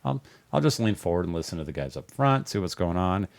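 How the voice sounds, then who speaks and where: A man's voice: sits low, sing-song, quick pace, vocal fry, no echo. A man, a podcast guest, telling a rambling, profane story in a casual way and laughing often.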